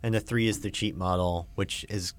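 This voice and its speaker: A man with a lowish voice co-hosting a casual tech podcast. He talks in a relaxed, chatty way, trailing off and restarting his thoughts. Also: moderate pace, crowd noise. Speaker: podcast co-host.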